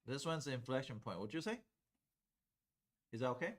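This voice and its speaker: A man lecturing a calculus class in a relaxed, conversational way. He talks through each step at the board and keeps stopping to ask students whether it makes sense. His voice sits at an ordinary middle pitch. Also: fairly quick. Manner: conversational, checks in with students often. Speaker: calculus teacher.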